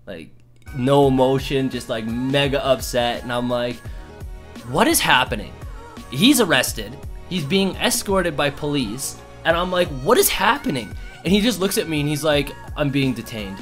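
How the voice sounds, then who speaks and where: A man's voice: mid-range voice, normal speed, faint music behind. A young man casually telling a story to camera, acting out quotes with lots of fillers. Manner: animated, acts out quotes, many fillers. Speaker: YouTuber.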